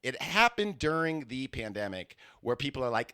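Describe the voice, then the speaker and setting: A man's voice: mid-range voice, very animated, normal speed, pushed and bright, clean tone, dry recording. Rambling, self-mocking male comedian, dry sound. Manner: rambling, self-mocking, many fillers and restarts. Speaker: comedian and podcast host. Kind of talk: comic podcast monologue.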